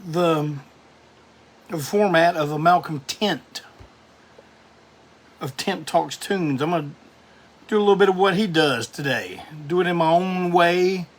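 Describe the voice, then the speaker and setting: A man's voice: on the high side, a little slow, pauses often. A middle-aged man hosts a casual live stream, greeting viewers by name and rambling loosely.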